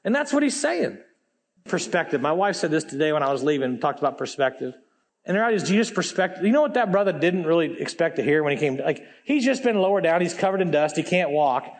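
A man's voice: fairly high pitch, very animated, fast talker. A man in his forties, a pastor preaching a sermon on stage in a church, reading scripture aloud and adding emphatic, conversational asides. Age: 40s.

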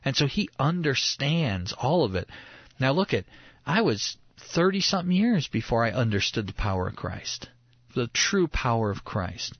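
A man's voice: medium pitch, normal speed, breathy edge, no room sound, lo-fi sound. Earnest man chatting about faith. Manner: earnest, animated storytelling with restarts. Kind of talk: casual faith conversation.

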